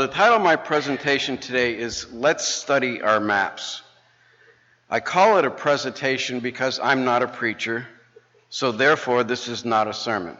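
A man's voice: medium pitch, normal speed, pushed and bright. A man in his late fifties, a lay speaker at church, telling a folksy humorous story and then praying. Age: 50s. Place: church sanctuary. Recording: dull, long church reverb.

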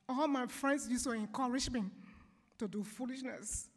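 A woman from Africa shares a heartfelt testimony in church, her fairly high voice catching with emotion as she pauses and apologizes. Her words ring out with the long reverb of a church hall. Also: fairly even intonation. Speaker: church member giving testimony.

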